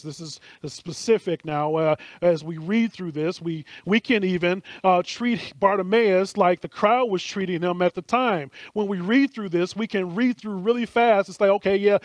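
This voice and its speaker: A man delivers a sermon in an earnest, searching way, with a voice sitting a little higher than most men's. He often doubles words as he presses a point. The sound is dry and close, with no room around it. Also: dry recording. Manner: earnest, repeats words when stressing a point, acts out bystanders' lines. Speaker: preacher.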